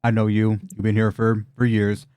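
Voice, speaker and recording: A man voicing a calm, wary male bartender in a tabletop game, speaking in a measured way. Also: on the low side, clean tone, dry recording, lightly acted. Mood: grave.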